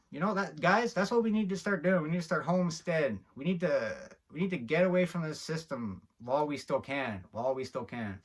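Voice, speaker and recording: A man's voice: fairly high pitch, lively intonation, brisk, a bit bright. A man hosting a video, giving a heated, preachy commentary straight to camera and getting worked up as he talks. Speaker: video host.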